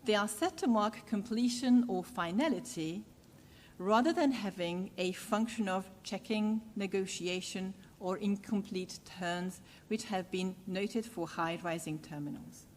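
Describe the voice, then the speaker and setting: A woman lecturer speaks at a measured pace, pausing often on "uh" as she works through an academic point. Her voice sits in a mid register and carries a long reverb from a large lecture hall. A faint rumble runs underneath. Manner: measured, with frequent "uh" pauses. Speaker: university lecturer.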